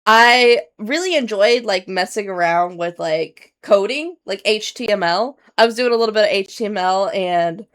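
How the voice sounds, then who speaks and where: A woman's voice: medium pitch, moderate pace, hardly any pauses, fairly bright tone. A woman streamer chatting casually to her viewers, rambling with many fillers and restarts, earnest and candid.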